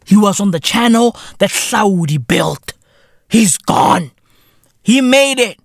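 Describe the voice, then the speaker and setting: A South African man rants on his podcast at an unhurried pace, his pitch leaping wildly from high shouts to low grumbles. He swears in nearly every sentence. The recording is dry and close, with no room sound. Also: animated, vocal fry, dry recording. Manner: profane, swings from shouting to low muttering. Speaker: podcast host. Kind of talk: comedic podcast rant.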